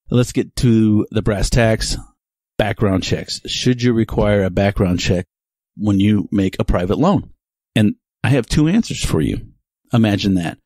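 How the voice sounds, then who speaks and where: Chatty man, low dry voice. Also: darkish tone, breathy edge, dry recording. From Texas. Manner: rambling, chatty, digressive. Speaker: podcast host. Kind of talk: casual monologue.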